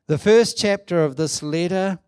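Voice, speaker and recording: A man preaching a sermon, emphatic and animated, acting out quoted lines. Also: high voice, moderate pace, clear, resonant tone, dry recording, clean studio sound. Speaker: pastor.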